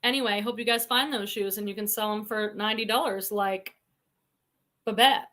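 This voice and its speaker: A woman's voice: mid-range voice, fairly even intonation, normal speed, fairly bright tone. A woman with a Boston accent hosting a casual livestream, chatting and reading viewer comments aloud. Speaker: reseller livestream host.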